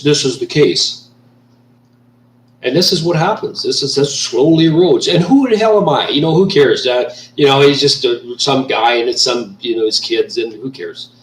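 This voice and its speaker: A man from Canada ranting angrily in a vlog, swearing often and repeating himself as he vents. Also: medium pitch. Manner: profane, heated, repetitive. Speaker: vlogger. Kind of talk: angry ranting monologue. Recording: echoey room, mic at a distance.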